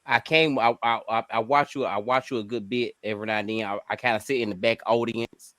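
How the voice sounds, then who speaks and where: A man's voice: mid-range voice, fairly even intonation, a little fast, dry recording. A man in his thirties from Mississippi with a Southern accent, calling in to an online show and talking with passion, often repeating words. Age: 30s. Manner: emphatic, repeats words, swings in loudness. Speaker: caller. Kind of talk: impassioned call-in commentary.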